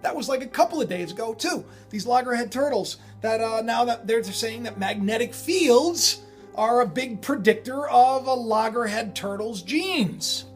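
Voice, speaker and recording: A man hosting his own channel, talking in a rambling, excitable way full of digressions and self-interruptions. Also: very high voice, normal speed, soft background music. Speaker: channel host. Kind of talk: rambling spiritual commentary.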